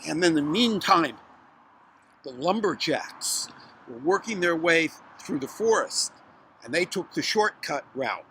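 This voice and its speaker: A man telling a children's story aloud in an animated way, with restarts and dramatic pauses. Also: a little high, slight background noise.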